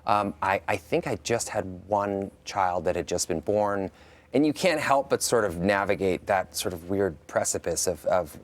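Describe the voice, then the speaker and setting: A man talking as a guest in a TV studio interview, reflective and halting with frequent restarts. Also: sits low.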